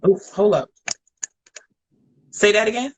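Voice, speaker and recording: A woman's voice: medium pitch, measured pace, breathy edge. Frank woman guest on a video call. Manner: frank and blunt. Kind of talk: candid conversation.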